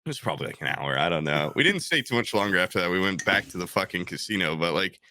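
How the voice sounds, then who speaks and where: A man's voice: deep voice, lively intonation, fast talker, bright, forceful tone, no room sound. A man co-hosting a casual podcast, rambling through stories, acting out quotes and swearing often. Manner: rambling storyteller, acts out quotes in shifting voices, swears often. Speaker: podcast co-host. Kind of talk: casual chat.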